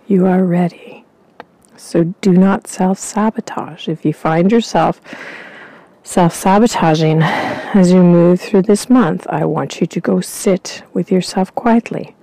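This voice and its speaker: A woman hosting a vlog, giving a calm, slow channelled spiritual reading outdoors in winter. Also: on the low side, no echo, poor audio. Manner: calm, slow, soothing guidance. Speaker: intuitive reader and vlog host.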